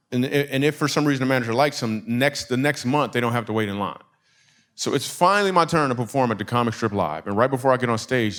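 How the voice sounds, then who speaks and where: A man from Michigan doing stand-up storytelling in a church, animated and conversational, laughing through his punchlines. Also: mid-range voice. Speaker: comedian.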